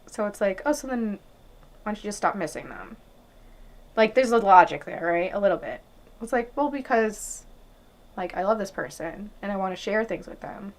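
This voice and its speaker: Reflective woman co-host, gentle and questioning, casual chat. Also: mid-range voice. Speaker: podcast co-host.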